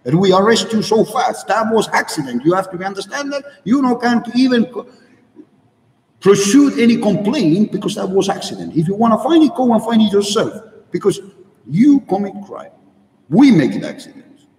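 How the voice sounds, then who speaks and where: A man's voice: sits high, big pitch swings, normal speed, darkish tone, slight background noise. Blunt man talking in broken English, echoey hall. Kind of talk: opinionated monologue. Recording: echoey hall, mic far off.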